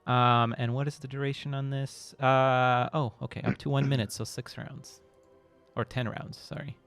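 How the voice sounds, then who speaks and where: A man's voice: mid-range voice, flat delivery, vocal fry, a bit bright, clear, resonant tone, soft background music. A man acting as game master, narrating and explaining rules with many fillers and frequent laughs. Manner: laughs often, halting fillers. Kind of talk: running a tabletop game.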